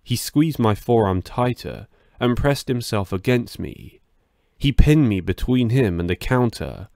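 A man reading a first-person horror story aloud in a steady, measured way. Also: medium pitch, vocal fry, no room sound, studio quality.

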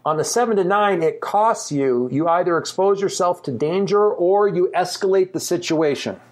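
Animated game master man, higher voice. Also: moderate pace. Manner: animated, laughing, thinking aloud with fillers. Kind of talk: narrating a tabletop game.

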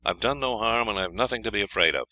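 A man's voice: on the low side, quick pace, bright, forceful tone. A man voicing a stubborn, fearless young lad in a storybook, talking bluntly and defiantly.

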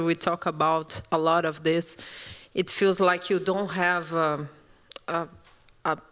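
A woman from Brazil, a native Portuguese speaker, answering as a panelist in halting English while she searches for words. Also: on the low side.

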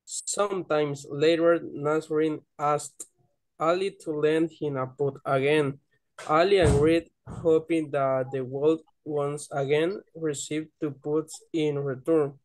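Slow man reading aloud haltingly. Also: on the high side, fairly even intonation, darkish tone, no room sound, poor audio. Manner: careful, halting reading with mispronunciations. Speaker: student.

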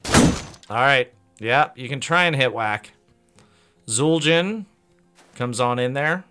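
A man's voice: mid-range voice, slow pace, pushed and bright, faint music behind. Upbeat man calling a squad battle. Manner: upbeat, cheers on his squad by name. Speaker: let's play host. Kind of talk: let's play commentary.

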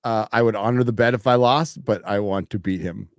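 A man's voice: lowish voice, a little fast, no room sound, clean studio sound. A middle-aged man hosting a live stream, chatting casually and teasing his co-hosts. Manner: joking, teasing, with frequent laughs. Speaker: podcast host.

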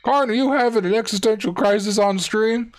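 A man's voice: high voice, a little fast, voice pushed up, natural voice. A man putting on a hammy Southern American football announcer voice as a middle-aged man. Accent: mock Southern American.

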